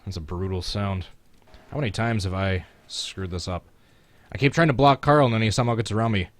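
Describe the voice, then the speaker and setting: On a live stream, a man with a lowish voice briskly commentates his racing game, chatting with viewers and chuckling while he plays.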